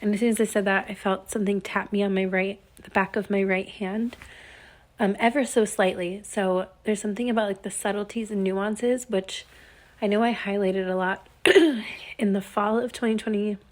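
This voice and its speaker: A woman's voice: medium pitch, steady tone, normal speed, no room sound. A woman giving a casual spoken channeling message, rambling and dreamy with many fillers, a bit congested and stuffy. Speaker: spiritual channeler. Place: outdoors at dusk.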